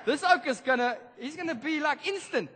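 A man preaching a sermon, telling a story in a lively, casual way with slang. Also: extremely high pitch, brisk, a little hiss or hum. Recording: reverberant church hall.

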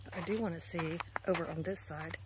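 A woman's voice: fairly low pitch, steady tone, brisk, very noisy. A woman chatting casually to her phone camera while walking outdoors on a neighborhood road, a little out of breath. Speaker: vlogger. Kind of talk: casual walking vlog chat. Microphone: handheld phone camera.

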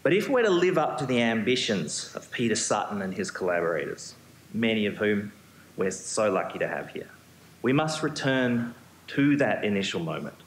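A man, a museum curator, giving a prepared symposium talk on stage, measured with occasional ums and restarts. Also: fairly low pitch, big pitch swings. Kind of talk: prepared lecture. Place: auditorium stage. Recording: echoey hall, faint hum.

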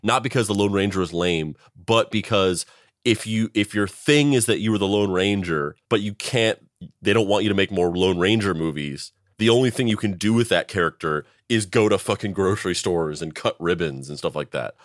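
A man's voice: low-pitched, normal speed, dry recording, clean studio sound. A man co-hosting a podcast in casual chat, rambling and blunt, swearing now and then. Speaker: podcast co-host.

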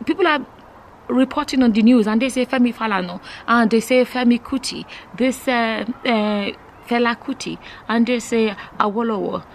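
A woman from Nigeria talking straight to camera in a casual vlog, emphatic and incredulous, often pausing with fillers. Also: fairly high pitch, slight background noise, low-quality recording. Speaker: vlogger.

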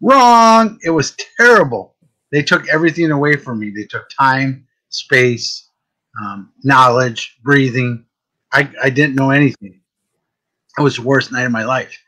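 A man with a fairly deep voice and a bright, forceful tone, hosting a casual chat. He tells stories in an animated way, restarting and repeating words as he goes. His pitch sits in an ordinary middle range. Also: measured pace, low-quality recording. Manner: animated storytelling, often repeats words at the start of a thought. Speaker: host, psychic medium.

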